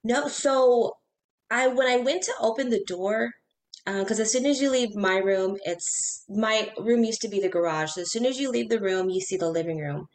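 A woman casually telling personal ghost stories in a chat, animated, talking in quick bursts and acting out her own reactions. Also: fairly high pitch.

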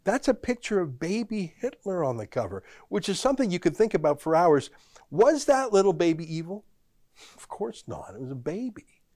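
A man's voice: high voice, sing-song, moderate pace, darkish tone, no echo, clean studio sound. A man hosting his own podcast, delivering a political commentary monologue full of emphatic rhetorical questions. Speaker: podcast host.

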